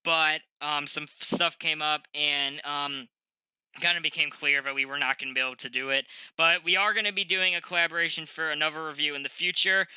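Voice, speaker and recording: A young man with a stuffy nose talks casually into a desk mic, hosting his review show. His voice is very bright and crisp, set a little high. He rambles, restarts sentences and fills gaps with ums. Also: fairly even intonation, brisk, no room sound, rough recording. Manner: rambling, frequent ums and self-corrections. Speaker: host of a review channel. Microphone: desk microphone.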